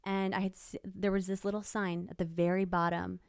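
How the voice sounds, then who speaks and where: A woman's voice: mid-range voice, level tone, brisk, creaky, clear, resonant tone, dry recording, studio quality. A young woman, an interview guest, emphatically retelling a personal story and quoting what people said. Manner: emotional, emphatic retelling with quoted dialogue.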